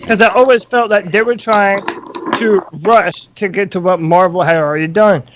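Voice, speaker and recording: A man hosting a podcast in a measured, thoughtful chat, laying out his view and asking the others for theirs. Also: sits high, steady tone, noisy background. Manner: measured, thoughtful, poses questions. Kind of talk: casual chat.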